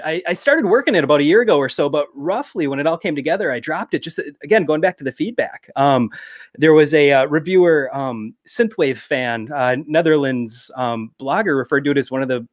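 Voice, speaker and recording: A man's voice: mid-range voice, no echo, clean studio sound. A man with a Minnesotan accent, a guest musician chatting casually and laughing easily on a video call. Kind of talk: casual interview chat.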